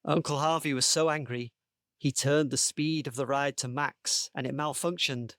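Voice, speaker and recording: A man on a podcast panel reading out a comic made-up story, with a playful, deadpan delivery. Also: a little high, normal speed, no echo, studio quality.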